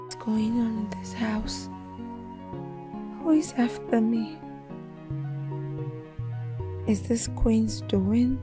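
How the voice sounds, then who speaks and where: A woman voicing a frightened mother's inner monologue, hushed and questioning. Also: fairly high pitch, fairly even intonation, slow pace. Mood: anxious. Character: frightened mother thinking to herself. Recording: voice-over under film music.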